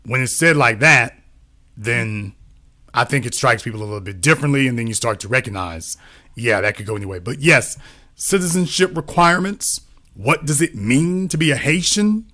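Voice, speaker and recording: A man's voice: medium pitch, lively intonation, normal speed, pushed and bright. A man talking as a political commentator in a casual discussion, often repeating himself and asking rhetorical questions.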